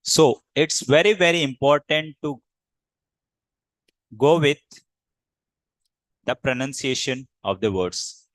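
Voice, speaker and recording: A man from India leads a public speaking lesson in an instructive, repetitive way, leaning on his key words. His voice sits at an ordinary middle pitch. The sound is dry and close, with no room echo. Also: animated, slow pace, pauses often. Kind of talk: classroom lecture.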